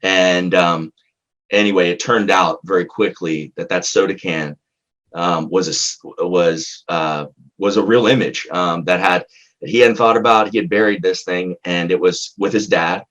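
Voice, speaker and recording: A man, a psychologist, recounting a therapy case in conversation, in a halting, earnest way with frequent restarts. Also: low voice, steady tone, a bit bright, muffled recording.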